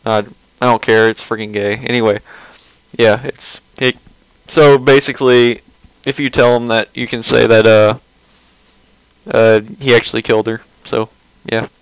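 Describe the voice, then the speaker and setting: A man's voice: mid-range voice, steady tone, measured pace, long pauses, clean tone, no room sound, low-quality recording. A man giving casual, rambling commentary on a webcomic page, mocking and sarcastic, often restarting his sentences.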